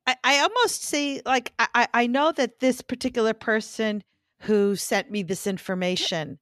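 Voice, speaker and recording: A woman's voice: a little high, moderate pace, fairly bright tone, dry recording. A woman co-hosts a podcast with dry, joking chat. Her voice is recorded close and dead dry, with no room around it. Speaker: podcast co-host. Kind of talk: casual chat.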